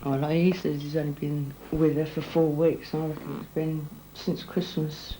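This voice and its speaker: A blunt woman speaking openly in a documentary interview. Her voice is mellow and soft-edged, with faint noise in the background. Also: deep voice, flat delivery, moderate pace, rough recording. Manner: blunt, frank and profane. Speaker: documentary subject.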